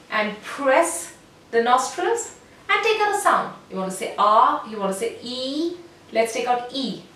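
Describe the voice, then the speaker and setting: Woman voice coach in an echoey room. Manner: demonstrative, shifts between deep and high nasal voices. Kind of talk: vocal exercise lesson. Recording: echoey room from a distance, faint noise.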